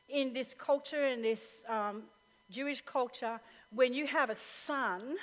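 A woman pastor preaching a sermon to a live audience, telling stories in an animated way with frequent laughter. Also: on the high side. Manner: animated storytelling, laughs often. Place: church hall with live audience. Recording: reverberant live hall recording.

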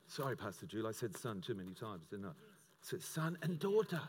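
A man preaching a sermon as pastor, telling a story in an animated way and acting out its characters with sudden loud bursts. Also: mid-range voice, a little fast, slightly rough, big-room sound. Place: church auditorium.

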